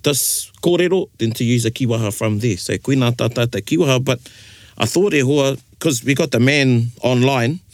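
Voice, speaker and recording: A man's voice: mid-range voice, normal speed, no room sound. A man with a New Zealand accent hosting a casual podcast chat, explaining phrases in a playful way and mixing in Māori words. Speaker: podcast host.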